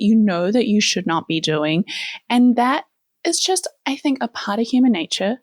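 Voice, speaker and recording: A woman's voice: a little high, expressive, moderate pace, no echo, clean studio sound. A woman from New Zealand with a New Zealand accent, hosting in a casual, chatty, playful way with lots of fillers. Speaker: host. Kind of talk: casual chat.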